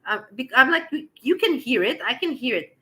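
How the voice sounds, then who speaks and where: A woman casually telling a personal story to her viewers, animated and laughing as she acts out the dialogue. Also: sits high, brisk, low-quality recording.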